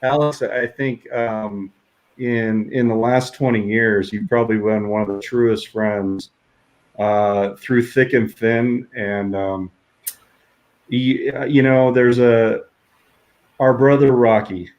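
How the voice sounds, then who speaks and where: A middle-aged man speaks over a video call at a moderate pitch. He talks haltingly, backs up to restart his phrases, and keeps breaking into laughter. He is a minister sharing a heartfelt story. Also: steady tone, darkish tone. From New Mexico, USA. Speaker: minister, interview guest. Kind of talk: casual heartfelt conversation.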